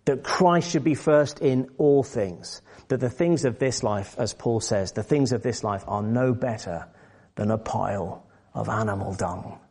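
A man's voice: medium pitch, darkish tone. Earnest man preaching a sermon. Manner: earnest preaching, rising to emphatic exhortation.

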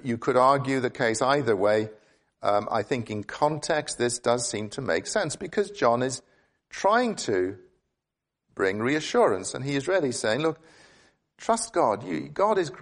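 A man preaching in a mid-range voice, earnest and thoughtful. He often stumbles and repeats words as he works through an idea. His pitch jumps upward when he stresses a point. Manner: earnest, repeats words while thinking aloud. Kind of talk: expository sermon.

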